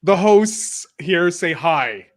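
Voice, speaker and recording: A man's voice: high-pitched, animated, slow, no room sound, studio quality. A man hosting a movie podcast, chatting casually and plugging shows between questions. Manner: chatty, plugs shows, self-deprecating about stuttering. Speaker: podcast host. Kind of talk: casual chat.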